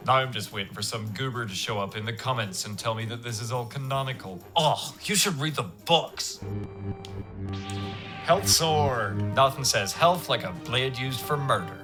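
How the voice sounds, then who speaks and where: A man in his thirties with an Irish accent, delivering a sarcastic scripted video game review and swearing freely. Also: medium pitch. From Ireland. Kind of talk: comedic scripted review narration.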